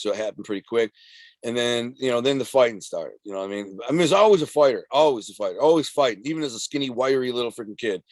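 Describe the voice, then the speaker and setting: A man of around fifty from Detroit, telling rough street stories as a podcast guest in a streetwise, profane, rambling way. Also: medium pitch, no echo. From Detroit, USA. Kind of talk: casual storytelling interview.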